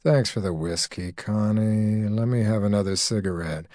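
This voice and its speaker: A man reading an audiobook, voicing a gruff, menacing drunk man who talks low and slow. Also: darkish tone, no room sound, studio quality, lightly acted. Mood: leering.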